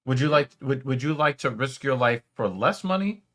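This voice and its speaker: A man's voice: medium pitch, lively intonation, normal speed. A man chats casually while hosting a watch party and reacting to clips. He swears freely and argues his points, often breaking into laughter. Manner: profane, laughing, argumentative.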